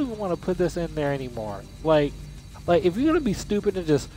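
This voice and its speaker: A young man giving casual commentary while playing a video game, excitable and cursing, often shouting at the game. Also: mid-range voice, a little fast, faint music behind. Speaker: gamer.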